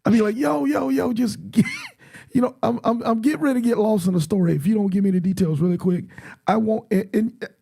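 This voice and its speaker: A middle-aged man, a guest on a casual podcast chat, talking in an animated, self-deprecating way and tripping over his words. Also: high voice, quick pace, husky.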